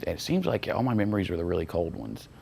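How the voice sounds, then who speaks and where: A man's voice: deep voice, huge pitch swings, fast talker, gravelly, darkish tone, husky. A man, an actor, telling wry anecdotes in a documentary interview.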